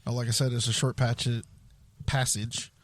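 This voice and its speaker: A man's voice: medium pitch, level tone, normal speed, no room sound. A man hosting a casual podcast, reading an article aloud and stumbling over long words. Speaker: podcast host.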